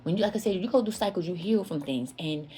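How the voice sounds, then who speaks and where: A woman speaks in a fairly low voice, telling a candid personal story straight to her audience. She is emphatic and confessional and circles back over her own words. A faint hiss of noise sits under the recording. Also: quick pace, mellow. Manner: emphatic, repeats herself, often addresses listeners as "y'all"; confessional and earnest.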